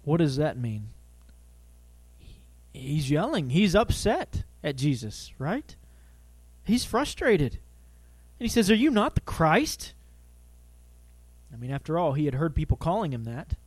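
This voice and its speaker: Male pastor, slightly high voice, dry close mic; animated sermon delivery with questions to the congregation. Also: a little slow, pauses often, husky, no echo. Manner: animated, asks the audience questions, acts out quoted voices.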